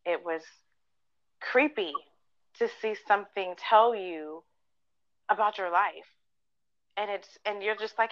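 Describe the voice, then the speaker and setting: A woman co-hosting a podcast tells personal stories in casual chat, earnest and packed with fillers, acting out what people said. Her mid-range voice is slow with frequent pauses, and the recording has no room sound and cut-off highs.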